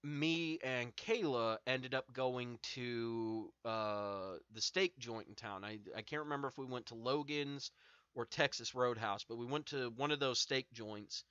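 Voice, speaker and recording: A man's voice: mid-range voice, a little slow, fairly bright tone, clear, resonant tone, dry recording, dull audio. A young man hosting a stream, smoking and telling a long, profanity-laced story in a rambling, filler-heavy way. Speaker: streamer host. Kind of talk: casual storytelling to chat.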